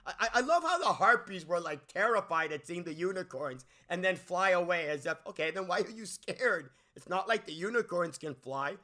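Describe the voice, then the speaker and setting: A man's voice: high-pitched, animated, moderate pace, few pauses, bright, forceful tone. A man giving an exasperated, ranting movie review, often stumbling and repeating words as he restarts. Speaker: movie critic.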